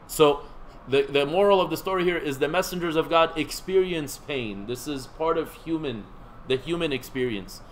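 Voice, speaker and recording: A man with a somewhat high voice gives a relaxed classroom lecture. He talks in a conversational way, stops to quiz the students in the room, and drops in light joking asides. A faint hiss sits under his voice. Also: rough recording. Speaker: seminary teacher.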